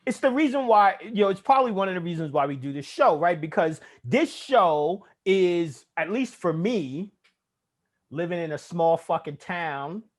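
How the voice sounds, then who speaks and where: Guy co-hosting a podcast, swears a lot, pitch jumping all over, stumbles and repeats words. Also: normal speed. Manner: profane, animated, repeats words when starting. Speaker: podcast co-host. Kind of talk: casual chat.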